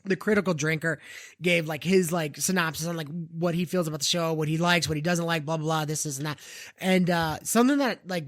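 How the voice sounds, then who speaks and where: A man's voice: on the high side, no echo, studio quality. A man hosting a comedy podcast, ranting animatedly with lots of swearing, fillers and restarts. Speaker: podcast host.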